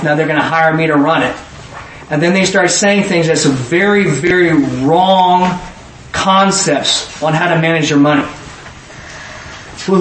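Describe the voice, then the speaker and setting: A man delivers a sermon in a slightly high voice, animated and acting out back-and-forth conversations, now and then rising to a shout. He sounds some distance from the mic in an echoey church hall, with faint noise behind him. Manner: animated, rising to shouts, quoting people in dialogue. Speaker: preacher.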